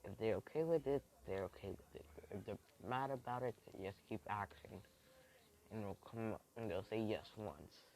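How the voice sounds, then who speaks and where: A man's voice: on the low side, moderate pace, vocal fry, darkish tone, slight background noise, rough recording. Man rambling through an improvised fan story. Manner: rambling, thinking aloud with fillers and restarts.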